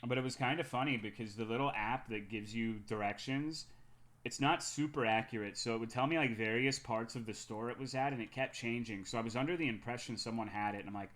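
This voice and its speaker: A young man on a stream tells a story in casual chat, swearing a lot and getting animated whenever he's excited. His voice sits mid-range and moves fairly quickly.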